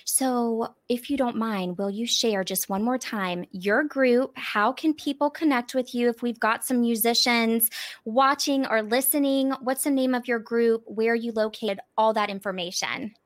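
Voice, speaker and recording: Upbeat woman with a higher voice hosting. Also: unhurried. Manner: upbeat, encouraging. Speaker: podcast host, interviewer. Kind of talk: interview hosting.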